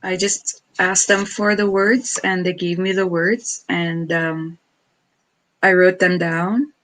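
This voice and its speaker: A woman's voice: fairly low pitch, fairly even intonation, takes it slowly, fairly bright tone. A woman storyteller speaking as a guest in a casual chat, effusive and spiritual, with earnest pleading.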